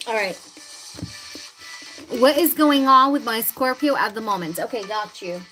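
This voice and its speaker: A woman hosting a casual live tarot reading, chatting with viewers and often clearing her throat. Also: a little high, lively intonation, takes it slowly, long pauses, sharp tone, faint music behind, rough recording.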